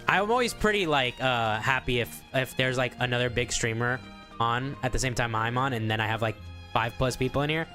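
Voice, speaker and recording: Man, streamer, teasing banter, mid pitch, faint music behind. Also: normal speed, pushed and bright. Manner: teasing, joking, laughs often.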